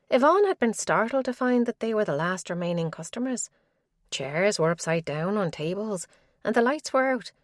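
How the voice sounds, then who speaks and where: A woman narrating a mystery audiobook in a measured, even way. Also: fairly low pitch, no echo, clean studio sound.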